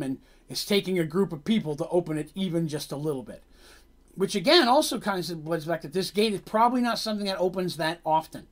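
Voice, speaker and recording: A man's voice: sits high, fairly bright tone. Rambling man retelling a game session. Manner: rambling, filler-heavy storytelling. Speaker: game master. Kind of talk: recounting a tabletop game session.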